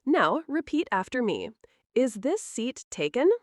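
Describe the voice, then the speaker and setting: Slow, lively-voiced woman teaching English. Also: a little high, no room sound, studio quality. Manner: slow, clear, encouraging drill delivery. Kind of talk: scripted English lesson.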